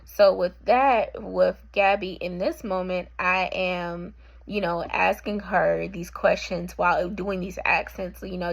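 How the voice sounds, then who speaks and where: A young woman who works as a patient representative, talking through a class assignment in a halting way, with frequent ums and self-corrections. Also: on the low side, steady tone, creaky, low-quality recording. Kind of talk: reflective monologue for a class assignment.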